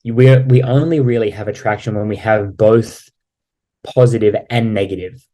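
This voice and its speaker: A man's voice: lowish voice, steady tone, normal speed, warm tone. A man working as a dating coach, explaining social techniques in a blunt, casually profane way. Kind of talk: instructional explanation.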